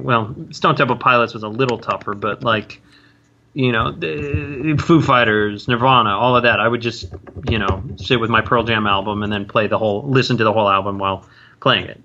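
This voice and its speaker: A man's voice: medium pitch, bright, forceful tone, muffled recording, slight background noise. A man in his forties, an actor guest in a casual interview, rambling and restarting his sentences. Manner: rambling, halting, many self-interruptions and restarts. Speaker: guest, stage and screen actor.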